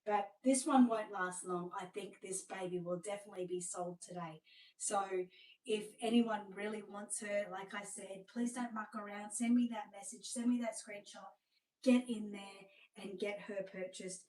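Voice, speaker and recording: A woman's voice: mid-range voice, steady tone, moderate pace, darkish tone, rough recording. A woman with an Australian accent, chatting through a live sales showcase in a gushing, friendly way with plenty of ums. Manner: chatty and gushing, many fillers. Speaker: seller presenting reborn dolls.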